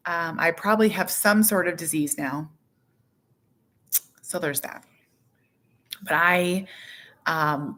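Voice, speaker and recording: A woman's voice: fairly low pitch, fairly bright tone. A woman casually vlogging about her busy family life, rambling and self-deprecating, with lots of fillers. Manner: chatty and rambling, with many fillers, self-deprecating asides and acted quotes. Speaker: vlogger and mother. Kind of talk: casual personal vlog chat.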